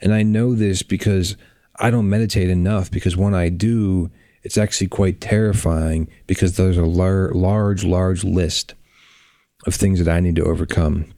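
A man hosting a reflective podcast, talking bluntly and earnestly with drawn-out pauses, on a close microphone. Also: deep voice, steady tone, warm tone, no room sound. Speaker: podcast host.

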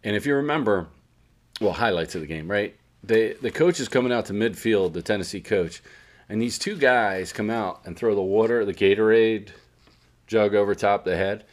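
Male co-host, low voice, casual profane storyteller for sports talk. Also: moderate pace. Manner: profane, storytelling, laughs often. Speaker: podcast co-host.

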